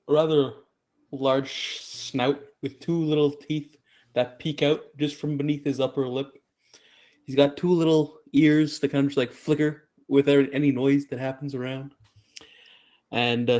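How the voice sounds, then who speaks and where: Man, player, detailed character description, unhurried, mid pitch. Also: darkish tone.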